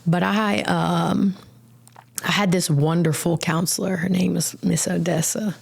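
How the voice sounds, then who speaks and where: A woman's voice: fairly low pitch, fairly even intonation, unhurried, gravelly, slightly rough. A woman sharing her life story as a guest on a podcast, telling it animatedly with casual slang and acted-out quotes. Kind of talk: personal testimony in a podcast interview.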